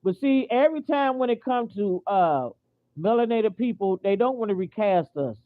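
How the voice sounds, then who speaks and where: A woman's voice: medium pitch, expressive, normal speed. An American woman ranting in a casual vlog, indignant and repetitive, stopping and restarting her sentences with lots of fillers. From United States. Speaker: vlogger. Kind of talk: casual opinion rant. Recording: tinny phone-like audio.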